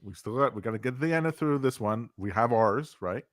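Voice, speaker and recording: A man from Canada co-hosting a casual, jokey podcast chat, talking with excitable energy. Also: mid-range voice, normal speed. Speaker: podcast co-host.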